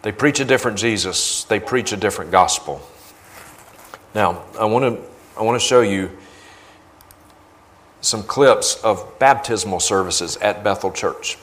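Male guest preacher, low voice, indignant, emphatic repetition. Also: measured pace, pauses often, fairly bright tone. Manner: indignant, emphatic, repeats phrases for force. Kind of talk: sermon with video commentary.

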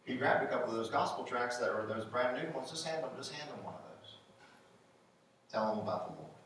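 A man's voice: medium pitch, lively intonation, fairly quick, a bit bright, a little hiss or hum. A man preaching a sermon, conversational and encouraging, asking the congregation questions. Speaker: pastor. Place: church sanctuary. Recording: echoey room, voice from a distance.

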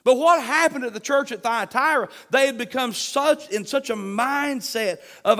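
A man preaching a sermon as pastor, swinging from hushed words to shouted repetitions. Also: extremely high pitch, normal speed, hardly any pauses, in a large hall.

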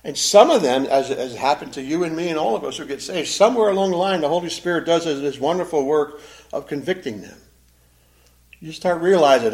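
Guy preaching a sermon, kinda high voice, swoops up and down a lot, big pauses n repeats. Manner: animated preaching with emphatic pauses and repetitions. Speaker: pastor.

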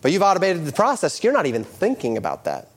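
A middle-aged male pastor preaching a sermon, moving from quoted scripture into lively storytelling. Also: on the high side, fast.

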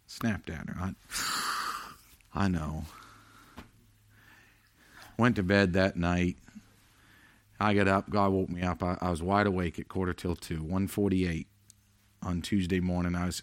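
A middle-aged man preaching a sermon as pastor, earnest and confessional, rising loud then dropping quiet. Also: medium pitch, no room sound, studio quality.

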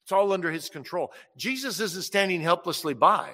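A male preacher delivers a fervent sermon in a somewhat high, bright and forceful voice. He swells to loud, slow declarations and sinks to hushed pleading. The sound carries a long reverb from a large hall. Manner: impassioned, swells loud on quoted words of Jesus and drops soft on pleading.

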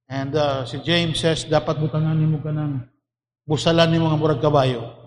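Preacher guy, high voice, slow and emphatic, big echoey hall. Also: fairly even intonation, slight background noise. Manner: emphatic, repeats key phrases, mixes in Cebuano. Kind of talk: sermon. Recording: long hall reverb.

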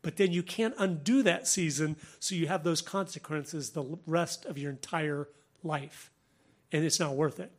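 A man hosting a Christian talk show, speaking earnestly, laughing often and quoting people in lively voices. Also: on the high side, moderate pace. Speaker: Christian podcast host. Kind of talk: religious commentary, conversational.

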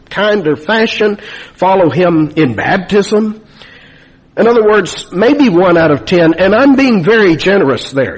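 Man, pastor, fifties, sermon, emphatic, husky voice, somewhat high pitch. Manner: emphatic, rhetorical questions.

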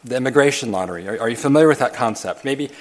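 A man's voice: medium pitch, lively intonation, racing. A man preaching a sermon as pastor, earnest and emphatic, often repeating and restarting phrases.

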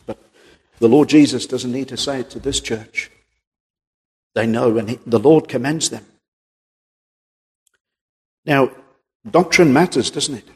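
A man preaching with a husky, slightly breathy voice, earnest and emphatic as he reads old-style scripture. His words ring out with a long reverb from a big hall. His pitch sits in a middle range for a man. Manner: earnest, emphatic, quotes King James scripture. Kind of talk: sermon.

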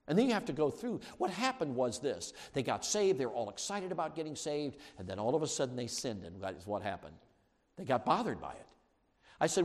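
A man preaching a sermon as pastor, shifting from quiet asides to shouted peaks. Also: medium pitch, sing-song, fast. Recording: long hall reverb.

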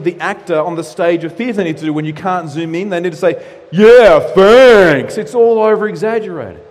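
Male pastor, slightly high-pitched, animated sermon delivery, long hall reverb. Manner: animated preaching with acted-out quotes.

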